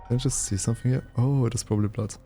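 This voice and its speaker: A man's voice: mid-range voice, fairly even intonation, racing, mellow, faint music behind. A man streaming a game, rambling casually to his viewers with frequent restarts and self-corrections. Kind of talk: casual gaming commentary.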